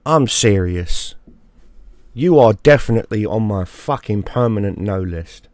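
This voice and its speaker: Low-voiced guy going off on a profane rant, mocking and repetitive, dry close sound. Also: lively intonation, unhurried, a little mellow, dry recording. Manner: crude, mocking, repeats himself. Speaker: YouTube gaming creator. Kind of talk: profane ranting monologue.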